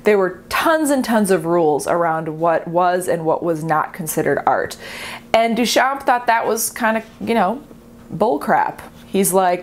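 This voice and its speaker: A woman's voice: lowish voice, expressive, unhurried. A young woman who is an artist, explaining art history in a chatty, playful, self-mocking way. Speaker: artist and video host.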